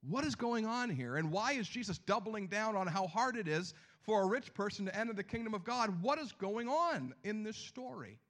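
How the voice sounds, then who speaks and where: A man preaching a sermon, animated, swinging between loud outbursts and hushed lines. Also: sits high, moderate pace, few pauses. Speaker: pastor.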